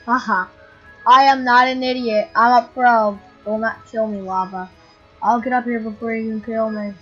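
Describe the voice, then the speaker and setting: A woman's voice: fairly high pitch, steady tone, normal speed, a bit bright. A woman casually commenting on her gameplay, giggling a lot and breaking into playful squeals. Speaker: gamer. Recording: dull lo-fi audio with faint game music.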